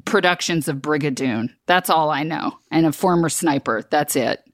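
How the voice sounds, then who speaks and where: A woman's voice: sits low, moderate pace, no room sound, studio quality, close to an everyday voice. A woman playing a cranky, impatient podcast co-host who talks in a blunt, sarcastic and foul-mouthed way. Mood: snarky.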